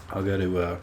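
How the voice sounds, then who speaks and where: A man's voice: sits low, creaky, slight background noise. A man hosting a let's play, rambling casually as he plays, swearing freely and teasing himself. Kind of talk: casual gameplay commentary.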